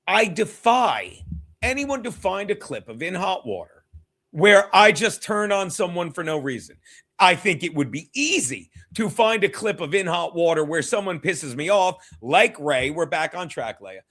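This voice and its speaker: A man with a high, bright voice hosts a livestreamed comedy show, reading viewer donations in casual chat. He rambles, swears and laughs often between remarks.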